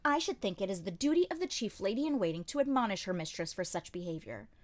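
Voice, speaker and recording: A woman's voice: mid-range voice, expressive, fast, natural voice. A woman voicing a scornful, haughty young lady-in-waiting with a nasal voice in an audiobook. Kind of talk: audiobook character reading.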